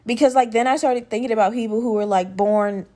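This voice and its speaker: A woman's voice: fairly high pitch, a little fast, dark tone. Chatty, profane woman podcast host. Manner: rambling, profane, conversational, with many fillers. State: slightly rough voice from a lingering respiratory infection. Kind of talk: casual solo podcast chat.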